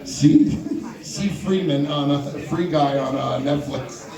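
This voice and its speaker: Young male stand-up, high and bouncy voice, teasing the crowd; far from the mic in an echoey club with an audible audience. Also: slow pace. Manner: playful, banters with audience members by name. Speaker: stand-up comedian. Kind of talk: stand-up comedy set. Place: live comedy venue with audience.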